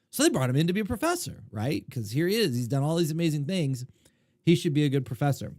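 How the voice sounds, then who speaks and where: A middle-aged man hosting a podcast, telling stories in a casual, animated way, swinging between loud and quiet. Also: fairly high pitch, no echo, clean studio sound. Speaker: podcast host, poker coach. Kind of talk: casual storytelling monologue.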